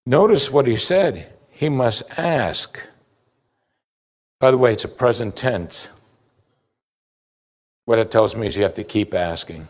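A man preaching a sermon, emphatic and animated, asking rhetorical questions. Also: medium pitch, a little slow, pauses often. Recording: long hall reverb.

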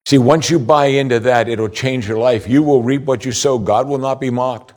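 Man preaching a sermon. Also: medium pitch. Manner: preaching, slow scripture reading with lively rises. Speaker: pastor.

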